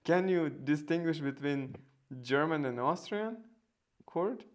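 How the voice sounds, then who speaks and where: Slow, smooth-voiced man hosting a stream. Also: on the high side, animated. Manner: hesitant, many fillers and restarts, chatty. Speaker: host. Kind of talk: casual live-stream chat.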